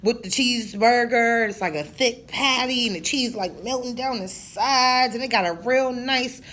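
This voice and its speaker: A woman's voice: a little high, moderate pace, a bit bright, a little hiss or hum. Blunt, profane woman venting. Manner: blunt, profane, joking storytelling. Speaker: vlogger. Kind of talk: casual venting monologue.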